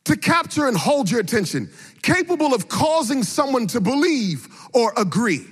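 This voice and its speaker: A middle-aged man preaching a sermon, repeating phrases for emphasis and rising from quiet storytelling into fervent, near-sung exhortation. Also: extremely high pitch, very animated, moderate pace, breathy edge. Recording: long hall reverb.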